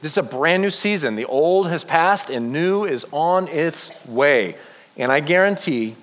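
A man preaching a sermon to young people, telling a Bible story with lively acted-out quotes. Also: on the high side, a little slow, long reverb tail. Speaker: youth pastor.

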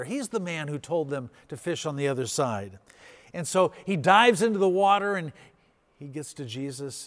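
A male pastor preaching a sermon, retelling the story and acting out the quoted dialogue with big swings in pitch and loudness.

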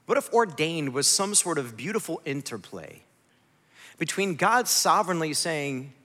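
A man gives a sermon in a high, bright voice that rises and falls with lively swings. He talks to the congregation in a casual, joking way. The sound carries the long reverb of a large hall. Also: a little slow. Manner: animated, conversational, jokes with the audience. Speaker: pastor.

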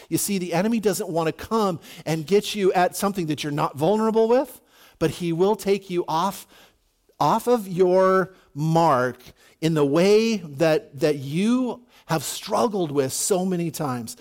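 A man's voice: high-pitched, expressive, measured pace. A pastor preaching a conversational sermon to his congregation, often saying "you know" and restarting his sentences. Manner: casual, repeats words and restarts, says "you know" often.

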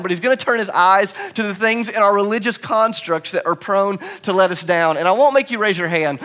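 A man's voice: sits high, a little fast, few pauses, sharp tone. A male pastor preaching a sermon, telling a story with self-deprecating humor and building to emphatic repetition.

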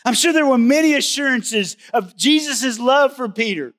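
A man's voice: very high-pitched, animated, normal speed, few pauses, fairly bright tone. A male pastor preaching a sermon in a conversational, emphatic way, often asking the listeners questions.

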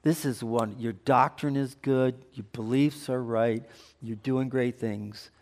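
Speaking slowly with fairly even intonation, this man's mid-range voice is a little mellow. He's a pastor giving a conversational sermon, alternating earnest teaching with light joking toward the congregation, captured with long hall reverb.

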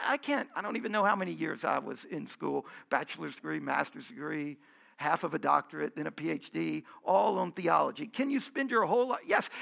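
Male pastor, gravelly edge, conversational sermon with emphatic repetition. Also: very high-pitched, sharp tone.

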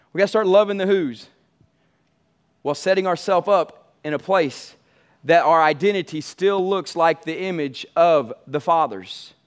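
A man preaching a sermon as pastor, emphatic and repetitive, calling out to his congregation. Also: a little high.

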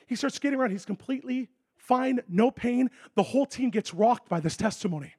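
A man preaching a sermon, telling a story with lively acted-out dialogue that swings from loud excitement to a hushed, intense tone. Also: extremely high pitch, fairly quick, breathy edge. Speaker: pastor.

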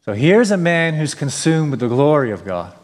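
A man's voice: a little high, very animated, normal speed. A male pastor preaching a sermon, earnest and emphatic, asking rhetorical questions. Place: church sanctuary. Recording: long reverb of a church hall.

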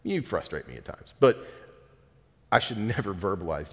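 A man's voice: low voice, animated, normal speed. A man in his thirties, a pastor preaching a sermon in a conversational, earnest way with self-deprecating asides. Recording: long reverb of a large hall.

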